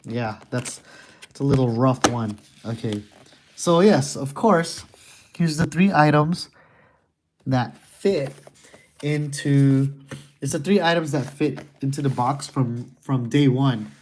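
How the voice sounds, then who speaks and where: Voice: mid-range voice, slow pace, a little mellow, slight background noise. A streamer casually working through a puzzle game, reading the text aloud and rambling with goofy, crude wordplay jokes.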